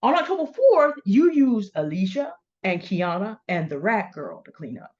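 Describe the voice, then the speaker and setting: Middle-aged woman, confrontational commentary, pointed delivery, middle pitch, dull lo-fi sound. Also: very animated, normal speed, darkish tone. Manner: pointed, confrontational, addressing people by name. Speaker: commentary host. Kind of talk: direct-address commentary.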